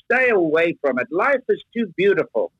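A man in his eighties, a guest on a remote link, telling stories in an animated, earnest way. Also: high-pitched, normal speed, husky, no room sound, muffled recording. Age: 80s. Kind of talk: interview.

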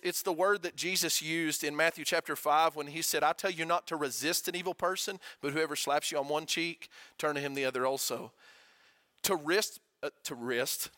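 A man preaching a sermon as pastor, conversational, asking the congregation questions and dropping to a quiet hush for emphasis. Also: fairly high pitch, no room sound.

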